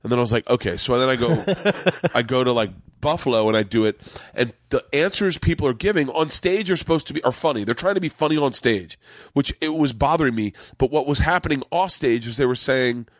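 A man's voice: mid-range voice, a little fast, no room sound. A middle-aged man telling a long rambling story in casual chat, swearing freely and acting out what others said. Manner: rambling, profane, acts out quotes. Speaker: podcast host, comedian.

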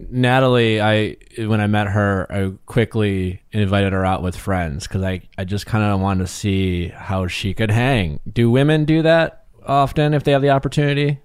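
A male podcast host with a smooth, resonant voice talks in a casual, teasing way. He throws in quick follow-up questions. The sound is close and dry. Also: on the low side, steady tone, no echo. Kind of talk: casual chat.

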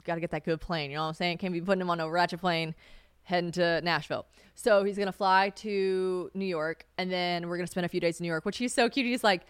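This is a young woman from South Carolina chatting alone on her podcast, gossipy and full of attitude, laughing and cursing as she goes. Her voice sits slightly low and comes through smooth and clean. The recording is dry and close, with no room sound. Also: fast talker, no room sound. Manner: chatty, sassy, swears freely, laughs often. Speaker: podcast host. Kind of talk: casual solo chat.

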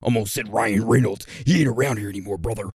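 A man doing a wrestler impression in a rough, gravelly growl, drawn-out and hyped. The voice is low and sounds close and dry, as on a podcast mic. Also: darkish tone, no echo.

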